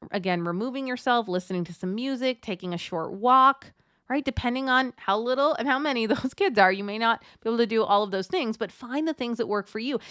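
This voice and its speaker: A woman's voice: on the high side, fairly bright tone, clean tone, dry recording, clean studio sound. A woman life coach, likely in her thirties, giving a direct, encouraging talk to mothers. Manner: encouraging, direct, addresses listener as friend. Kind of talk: motivational talk to listeners.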